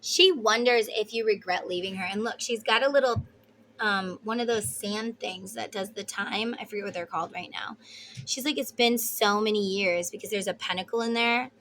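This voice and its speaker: Chatty, bright-voiced woman tarot reader. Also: medium pitch, normal speed, a little hiss or hum. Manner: chatty and emphatic, talks to spirit and viewers; blunt, swears casually. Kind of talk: casual tarot reading to camera.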